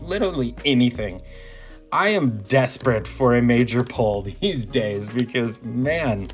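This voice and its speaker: A man hosting a card-opening vlog, calling out each card and gushing when a big pull appears. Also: fairly high pitch. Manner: gushing, animated, breaks into laughter and shouts at big pulls. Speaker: card-opening channel host. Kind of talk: excited pack-opening vlog.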